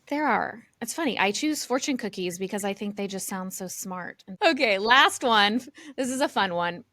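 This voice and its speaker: A woman's voice: medium pitch, animated, normal speed, bright, forceful tone. A woman hosting a podcast, playfully reading out game questions and chatting with her guests. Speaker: podcast host. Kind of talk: casual podcast chat.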